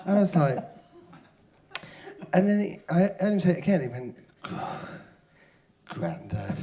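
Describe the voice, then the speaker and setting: A man's voice: a little high, big pitch swings, measured pace, warm tone. A man in his thirties telling a rambling, self-deprecating comic story as a podcast guest, swearing freely. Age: 30s. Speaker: comedian guest.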